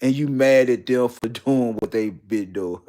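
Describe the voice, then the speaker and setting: A man's voice: medium pitch, a little slow, warm tone. A man hosting a casual monologue, talking with lots of profanity and animation and often breaking into laughter mid-sentence. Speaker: host.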